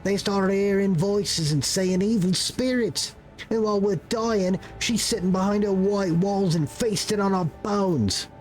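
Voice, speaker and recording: A man's voice: high-pitched, measured pace, soft background music, pitched above the performer's own voice. A man voicing a terrified young male peasant rebel, speaking in a put-on British accent with urgent, pleading delivery. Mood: desperate. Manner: urgent, pleading, breathless storytelling.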